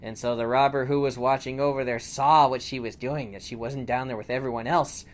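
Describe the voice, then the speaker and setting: A father telling a playful bedtime story to his daughter, laughing often and shouting the robbers' lines. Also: mid-range voice, steady tone, brisk. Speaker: storyteller dad.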